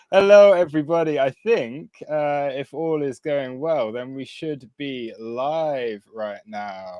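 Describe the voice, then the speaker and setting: A man's voice: on the high side, takes it slowly, darkish tone, no room sound. A British man hosting a casual live stream, chatty, laughing often and restarting his sentences. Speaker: stream host.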